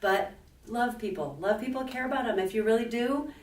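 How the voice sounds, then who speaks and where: A woman's voice: a little high, brisk, far from the mic. A woman hosting a podcast, encouraging her guest, laughing along and asking long questions in casual chat. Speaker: podcast host. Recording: roomy echo, voice off-mic.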